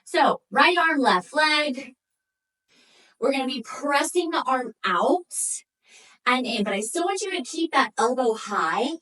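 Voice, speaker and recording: A high-pitched woman with a sharp tone leads a Pilates workout, her intonation lively and her pace measured. She coaches and counts down reps while exercising and breathing hard. She is recorded far from the mic.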